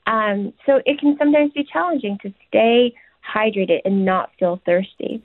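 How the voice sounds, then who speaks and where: A woman's voice: medium pitch, normal speed, no room sound. A woman, a nutritionist and chef, giving casual, chatty advice in an interview, with many "you know"s and "um"s. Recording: tinny dry phone line.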